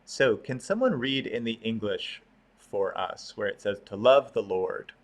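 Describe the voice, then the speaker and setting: A man's voice: lowish voice, unhurried. A man teaching an online class on prayer, explaining terms patiently with frequent fillers and restarts.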